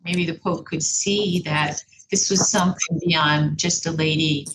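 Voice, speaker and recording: A woman hosting a podcast interview, responding in a reflective, slow way with hesitant fillers. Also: low voice, fairly even intonation. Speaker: podcast host. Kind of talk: interview conversation. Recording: audible background noise.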